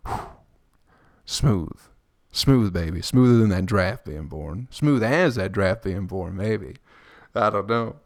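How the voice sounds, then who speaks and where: Taking it slowly, a man hosts a casual solo podcast, speaking close to the mic with no echo. His monologue is a crude, rambling stream of jokes and swearing, with people mimicked in high, squeaky voices.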